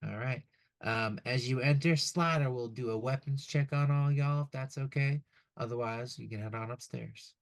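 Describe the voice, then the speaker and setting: A man narrating as game master in a relaxed way, with lots of ums and uhs. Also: medium pitch, normal speed, no room sound. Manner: relaxed, many fillers.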